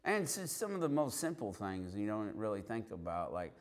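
A man's voice: lowish voice, a little fast. A man preaching and telling a personal testimony, acting out quotes as he goes. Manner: animated storyteller who acts out quotes. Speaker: street preacher. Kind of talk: sermon testimony storytelling.

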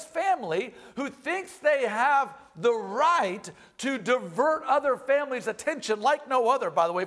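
A male pastor preaching a sermon in church, reading scripture and explaining it with animated emphasis, rising loud at key points and dropping low when he acts out quoted lines.

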